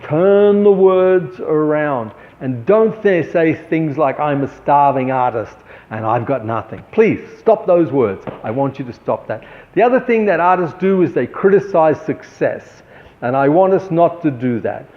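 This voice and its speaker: A man's voice: on the high side, lively intonation, a little slow. A man giving artists a motivational talk, earnest and preachy, repeating his points for emphasis. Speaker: artist and show host. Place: gallery. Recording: dull sound with long hall reverb.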